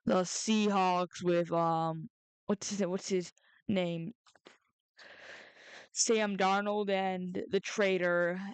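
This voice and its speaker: A woman rambling through her weekly football picks, halting and restarting often, getting excitable when something outrages her. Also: fairly low pitch, clean tone, no room sound. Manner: rambling, halting, frequent restarts and self-corrections. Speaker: sports prediction vlogger. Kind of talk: casual rambling commentary.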